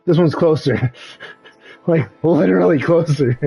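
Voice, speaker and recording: A young man streaming a game, chatting casually and telling animated stories with frequent laughs and slang. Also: a little high, unhurried, creaky, breathy edge, soft background music, rough recording. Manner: animated storytelling, laughs often, swears, says "bro". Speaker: gaming streamer. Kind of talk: casual live-stream chat while gaming.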